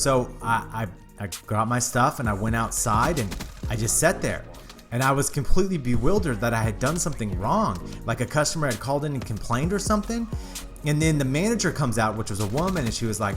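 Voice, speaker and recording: With music playing behind him, a YouTube host tells his viewers a personal story, his medium-pitched voice expressive and brisk. He keeps it casual, candid, and sincere.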